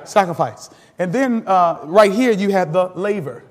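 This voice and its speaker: A man's voice: high voice, animated, a little slow, in a large hall. A man pastor teaching a sermon with call-and-response, laughing often and building to sudden emphatic rises.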